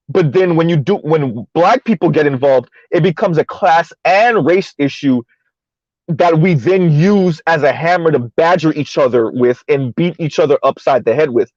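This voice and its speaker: A man's voice: fairly high pitch, darkish tone, dry recording. Emphatic man on a muffled call. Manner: emphatic, talks in long run-on points with restarts. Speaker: podcast panelist. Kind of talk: casual panel discussion.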